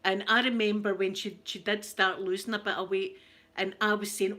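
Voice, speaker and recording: A woman's voice: medium pitch, little pitch movement, moderate pace, sharp tone. A middle-aged Scottish woman hosting an ASMR channel, chatting casually and telling family stories, often laughing and acting out quoted voices. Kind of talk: casual storytelling chat.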